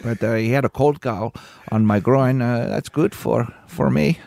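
A man voicing a mock injured male tennis player with an exaggerated Spanish accent, halting and slow. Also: medium pitch, creaky, very noisy.

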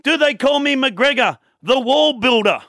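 A man voicing a boastful old Irishman who built a bar, in a put-on Irish accent, slow and emphatic. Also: very high-pitched, animated, no echo, studio quality, pitched above the performer's own voice, heavily acted. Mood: boastful, aggrieved. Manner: slow, emphatic, rising to shouts.

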